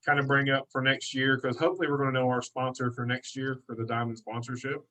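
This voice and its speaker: An American man talking as a podcast guest, rattling his words off quickly. His pitch sits in an ordinary middle range. He tells lively, friendly anecdotes in casual chat. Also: rough recording. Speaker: podcast guest, detailing business owner.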